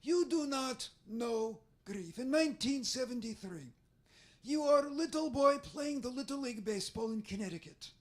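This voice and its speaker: A tough, no-nonsense former commando turned voice therapist, scolding in clipped, broken phrases with a thick put-on accent, as a man with a strained voice mimics her. The voice sits very high for a man. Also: animated, moderate pace, a little mellow. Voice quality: strained, breathy. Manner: brusque, declarative, heavy foreign accent put on.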